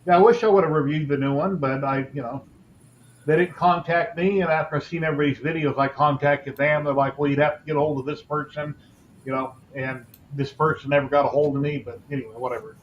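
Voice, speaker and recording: A man's voice: on the high side, fairly even intonation, fast talker, muffled recording, a little hiss or hum. A man hosting a casual podcast chat, explaining technical gear in a matter-of-fact way. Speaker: podcast host.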